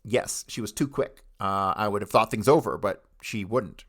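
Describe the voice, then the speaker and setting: Man reading as a middle-aged woman witness, Louisiana accent, matter-of-fact answers, low voice. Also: normal speed. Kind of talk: reading testimony transcript aloud.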